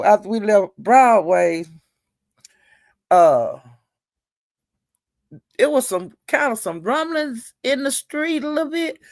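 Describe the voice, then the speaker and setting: A woman's voice: mid-range voice, no room sound, clean studio sound. A woman hosting a livestream, retelling an online feud in a chatty, gossipy way and calling her listeners "child". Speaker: livestream host.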